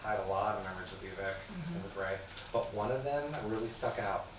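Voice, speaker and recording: A man speaking at a memorial service, telling a lively story with laughter. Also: on the low side, fast. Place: congregation hall. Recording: echoey room from far off, noisy.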